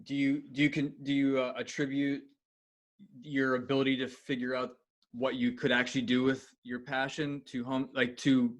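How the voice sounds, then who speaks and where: A man at a medium pitch asks questions in a friendly, rambling way. He restarts his sentences as he thinks aloud. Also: flat delivery, normal speed. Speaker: podcast co-host. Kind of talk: casual podcast interview.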